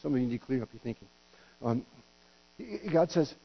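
A man's voice: medium pitch, brisk, pauses often. A middle-aged man preaching a sermon as pastor, folksy and joking, with stumbling restarts and acted-out quotes. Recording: dull lo-fi recording with hum.

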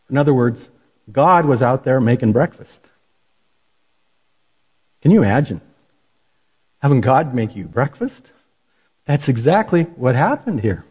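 A man's voice: a little high, slightly rough. A man preaching a sermon, telling the story in a folksy, conversational way. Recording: dull lo-fi recording.

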